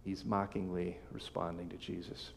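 A man preaching a sermon as pastor, reading scripture aloud with emphatic swells and sudden soft drops. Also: deep voice, little pitch movement, normal speed, creaky, slight background noise. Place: church sanctuary. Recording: long hall reverb.

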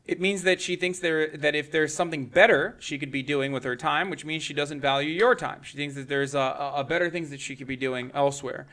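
A man's voice: fairly high pitch, fairly even intonation, a little fast, hardly any pauses, a bit bright. Man lecturing firm dating advice. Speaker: streamer giving advice. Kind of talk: played clip of dating advice.

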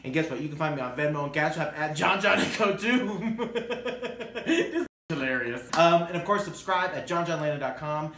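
A man's voice: a little high, expressive, moderate pace, a bit bright. A young man hosting a casual unboxing vlog, playful and campy, laughing often between lines. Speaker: YouTube host. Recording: echoey room with faint noise.

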